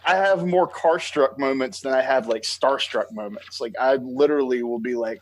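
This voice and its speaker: A man with an American accent hosting a podcast, telling stories in an excitable, animated way. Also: mid-range voice, moderate pace, hardly any pauses. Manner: excitable, animated storytelling with laughs. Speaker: podcast host. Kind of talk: enthusiastic interview chat.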